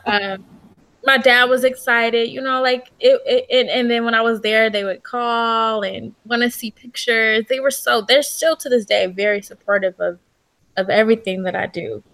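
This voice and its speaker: Lively, chatty young woman. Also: a little high, normal speed. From United States. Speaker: interviewee. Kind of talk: casual conversational interview.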